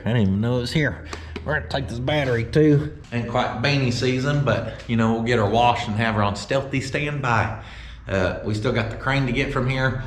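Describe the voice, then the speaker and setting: A man's voice: mid-range voice, a little hiss or hum. A man, chatting casually and jokingly in a vlog while working on an old car at a shop. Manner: joking, folksy, talks to his car. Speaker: car restoration vlogger.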